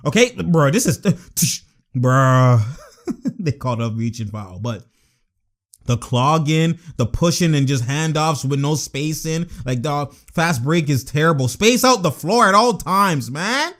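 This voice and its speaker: A young man giving excitable, slangy basketball reaction commentary and laughing often. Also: a little high, takes it slowly. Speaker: sports vlogger.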